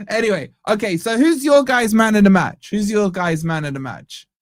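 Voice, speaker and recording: A young man in a slightly higher register, hosting a casual live match reaction stream. He rambles, jokes and keeps cutting himself off mid-thought. The sound is dry and close to the mic. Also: lively intonation, moderate pace, no echo. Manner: rambling, self-interrupting, jokey. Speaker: fan channel host.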